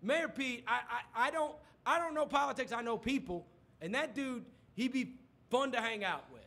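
High-voiced animated male radio host. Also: normal speed. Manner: animated storyteller, mimics others loudly. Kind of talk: casual studio chat. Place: radio studio.

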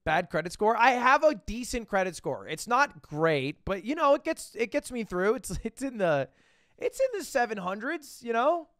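High-voiced joking male streamer. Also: sing-song, normal speed, fairly bright tone, no room sound, studio quality. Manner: joking, profane, sarcastic. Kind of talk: casual chat reading viewer messages. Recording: faint music behind.

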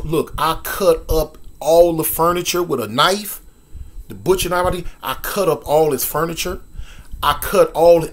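A man in his sixties from Los Angeles telling a story casually, animated, with sound effects and lots of repetition. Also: a little high. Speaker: storyteller guest.

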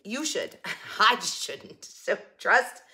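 Older woman vlogger, bright tone, chatty and giggly, casual to-camera talk. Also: medium pitch, very animated, takes it slowly. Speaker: haul vlogger. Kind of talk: casual haul chat to camera.

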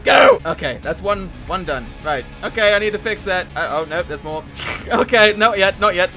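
A man's voice: sits high, animated, moderate pace, bright, forceful tone, soft background music. A man giving panicky, giggly gameplay commentary as a gaming YouTuber. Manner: panicky, giggly, self-mocking.

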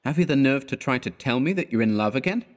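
A man's voice: medium pitch, animated, fast talker, in a large hall, pitched above the performer's own voice, lightly acted. A man voicing an exasperated young male art student who scolds his friend with scorn.

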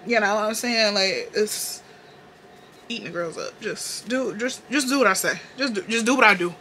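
A young woman from the Carolinas with a Southern accent talks through her makeup routine like she's chatting with friends. Her tone is bright and forward, full of sass, slang and cheerful swearing. She sounds close to the mic in a room at home. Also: medium pitch, normal speed, a little hiss or hum. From North Carolina, US. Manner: sassy, profane, playful slang. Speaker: beauty vlogger. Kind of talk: casual makeup tutorial chat.

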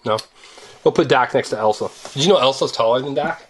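With slight noise in the background, a woman talks fast in a bass voice while she and a child open surprise eggs on a toy-unboxing video. She teases the kid playfully in an animated, sing-song way.

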